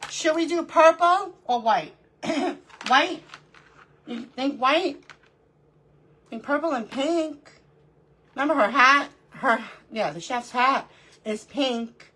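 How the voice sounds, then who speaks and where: A woman's voice: high-pitched, animated, takes it slowly, pauses often, bright, forceful tone, slightly rough. A middle-aged woman hosting a live crafting stream, chatting casually, greeting viewers by name and talking to herself as she works. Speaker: livestream crafting host.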